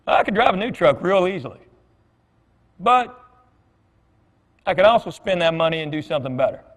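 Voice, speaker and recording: A middle-aged guest speaker gives a conversational sermon in a church hall, his high-pitched, expressive voice a bit bright at normal speed. He tells folksy anecdotes and acts out bits of dialogue, quoting others. A long hall reverb fills the recording.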